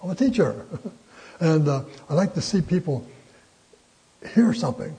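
An older man teaching a Bible study in a folksy, conversational way, pausing often with fillers. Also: a little high, very animated, mellow, breathy edge, rough recording.

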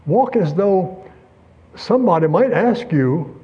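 A man preaching a sermon, telling a story and asking rhetorical questions with lively emphasis. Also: high-pitched, takes it slowly, husky, dull audio.

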